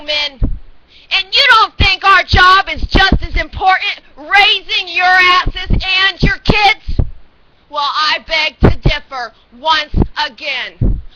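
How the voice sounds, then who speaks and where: High, fiery woman ranting on webcam. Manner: fiery, scolding, profane, rising to shouts. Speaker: webcam ranter. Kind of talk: angry webcam rant. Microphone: built-in webcam mic. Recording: dull lo-fi webcam audio with faint noise.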